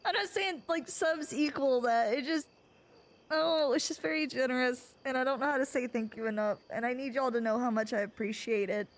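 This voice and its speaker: A young woman with a high voice, chatting casually on a live stream. She gushes and sounds close to tears, circling back over her own words in rambling bursts. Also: moderate pace. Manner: emotional, gushing, near tears; rambling, repeats herself.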